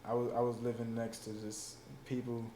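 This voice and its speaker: A man in his twenties with a hoarse, smoker-like rasp, talking in loose, profane, rambling casual chat. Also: mid-range voice, completely flat delivery, a little fast. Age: 20s. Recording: roomy room, faint ambient noise.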